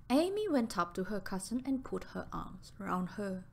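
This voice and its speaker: A woman narrating an audiobook in a slow, deliberate reading style. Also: mid-range voice, very animated, gravelly.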